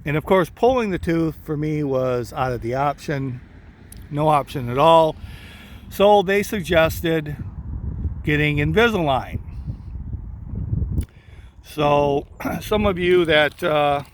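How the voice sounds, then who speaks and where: A man vlogging casually, talking slowly and rambling with a slight lisp, from inside a vehicle. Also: a little high, slight background noise. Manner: slow, rambling, many uh fillers. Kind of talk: casual vlog talk.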